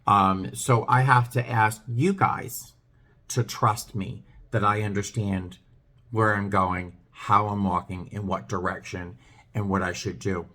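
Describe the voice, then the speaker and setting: A middle-aged man talking to his viewers in a vlog, earnest and hesitant, with many pauses and restarts. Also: on the low side, fairly even intonation, sharp tone. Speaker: vlogger. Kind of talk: talking to camera, heartfelt chat.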